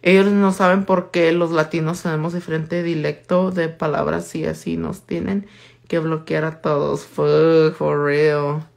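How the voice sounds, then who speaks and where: A woman's voice: low-pitched, flat delivery, normal speed, creaky, a little mellow. A woman, chatting casually with viewers and swearing freely while she demonstrates her work on a live tutorial. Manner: casual, swears freely, switches between English and Spanish. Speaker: nail artist.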